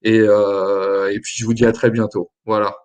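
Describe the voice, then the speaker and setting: A man's voice: on the low side, flat delivery, darkish tone, smooth. Hesitant French-accented man. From France. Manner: hesitant, many filler pauses. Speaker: guest, company founder. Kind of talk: casual livestream interview.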